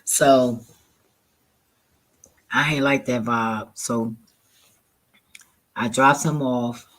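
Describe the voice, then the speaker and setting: A man's voice: medium pitch, steady tone, extremely slow, fairly bright tone, low-quality recording. Laid-back man telling a profane story. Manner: loose, profane storytelling with frequent laughs. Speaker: vlogger. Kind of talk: casual storytime.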